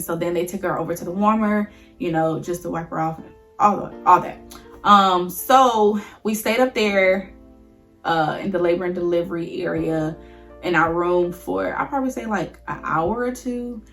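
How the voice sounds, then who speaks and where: A young woman talks straight to her viewers in a relaxed, chatty storytelling style, her voice a little low for a woman. She gets emotional easily and keeps calling her audience y'all. Faint music plays softly underneath. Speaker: vlogger. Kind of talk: casual storytelling to camera.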